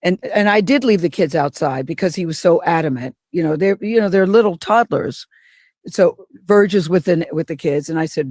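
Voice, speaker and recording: A woman's voice: lowish voice, moderate pace, no echo, studio quality. Woman telling a story, acting out quotes. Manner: animated, acts out quotes. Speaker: interview guest. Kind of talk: anecdotal storytelling.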